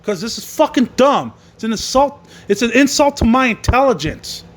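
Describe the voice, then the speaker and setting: A man with a high-pitched voice hosts a wrestling podcast. He recaps the show in a furious, profanity-laden rant. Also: big pitch swings, normal speed. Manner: angry, swearing constantly. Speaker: podcast host reviewing wrestling.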